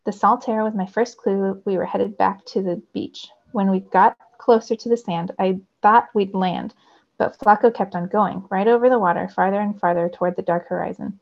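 A woman's voice: medium pitch, normal speed, creaky. A woman teacher reading a novel aloud expressively for her students, on a dull lo-fi recording. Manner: expressive storytelling.

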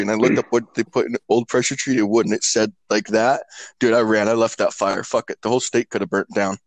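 A man's voice: fairly low pitch, steady tone, fast, dry recording, low-quality recording. A man hosting a casual podcast over online voice chat, crude and joking, laughing often. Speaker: podcast host.

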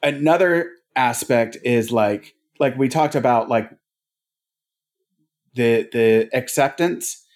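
A man's voice: mid-range voice, slow, darkish tone. A man co-hosting a casual podcast chat, rambling with many fillers and laughing easily. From family ties to North Dakota. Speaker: podcast co-host.

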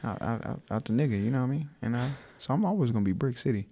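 A man's voice: mid-range voice, expressive, rapid-fire, creaky, dark tone. A man from Newark, New Jersey, a podcast guest talking reflectively in casual chat. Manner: reflective, many fillers and restarts.

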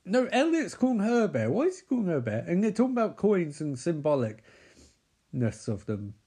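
A man's voice: high voice, wildly swooping pitch, normal speed, warm tone, slightly rough. A man giving sarcastic running commentary on a movie he is watching, swearing and mocking the characters. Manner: sardonic, swears, mocks the characters in put-on voices.

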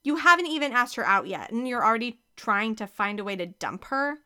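Woman reading as a bossy, brisk woman. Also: a little high, animated, sharp tone, smooth. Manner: brisk, scolding. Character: bossy no-nonsense adult woman.

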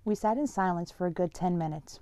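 A woman's voice: fairly low pitch, fairly quick, dark tone, no echo. A woman reading a first-person story aloud in a plain, conversational way.

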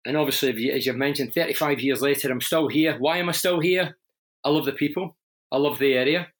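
A fast-talking, middle-aged Scotsman with a mid-range voice and a broad Glaswegian accent is the guest in a conversational interview. A former footballer and radio presenter, he tells stories candidly, often restarting his sentences.

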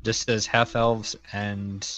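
A man's voice: fairly low pitch, flat delivery, takes it slowly, fairly bright tone, low-quality recording. A man playing a tabletop role-playing game, making wry remarks. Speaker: player. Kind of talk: casual tabletop game chat.

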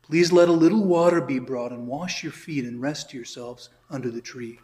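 A man's voice: medium pitch, moderate pace, darkish tone. A man, a priest, giving an informal catechism class, explaining in a chatty way with asides and reading scripture aloud. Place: church hall or classroom. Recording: echoey room.

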